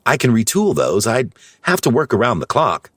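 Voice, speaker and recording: A man's voice: mid-range voice, huge pitch swings, moderate pace, fairly bright tone, breathy edge, no echo, voice pushed up, heavily acted. A man voicing a stressed, earnest young husband in a storybook tale, in a plain, earnest way close to his own voice. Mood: anxious. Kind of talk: storybook voice acting.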